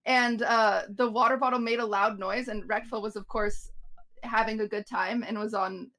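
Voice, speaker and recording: A woman telling a party story in casual chat, lively and swearing as she acts out what people said. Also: on the high side, moderate pace. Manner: animated storytelling, swearing, acted-out quotes. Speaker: podcast guest telling a story.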